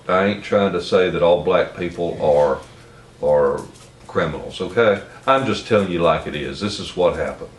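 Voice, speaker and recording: Speaking in a low-pitched voice with a Southern accent, a middle-aged Tennessean shares a blunt, folksy, meandering anecdote. The distant mic picks up room echo, faint ambience, and a little hiss or hum.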